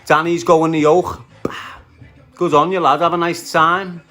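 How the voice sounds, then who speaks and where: A man's voice: on the high side, level tone, measured pace, bright, forceful tone, soft background music. Brash Scouse man ranting on a livestream. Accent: Liverpool Scouse. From Liverpool, England. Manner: aggressive, profane, trash-talking while greeting viewers. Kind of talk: casual livestream rant.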